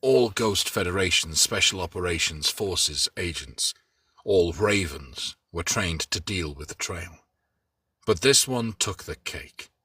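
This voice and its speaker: A man hosting a show and reading a story aloud in a measured, dramatic way. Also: low-pitched, animated, pushed and bright, breathy edge, dry recording. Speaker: host and reader. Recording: distant mic, dry.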